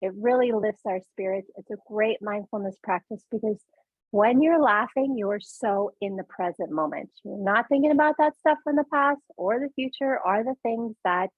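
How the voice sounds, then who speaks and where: A woman's voice: medium pitch, moderate pace, no echo, narrow, tinny audio. A woman yoga and mindfulness instructor leading a guided laughter exercise, upbeat and encouraging.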